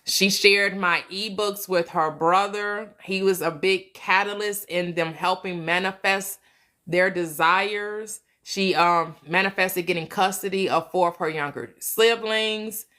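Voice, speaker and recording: Woman on a live stream, slow and halting, bright sharp voice, heartfelt and chatty, bit of aave. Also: mid-range voice, fairly even intonation. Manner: slow, halting speech with many restarts and fillers; emotional, heartfelt storytelling. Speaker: host of a manifestation channel. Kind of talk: casual live-stream chat.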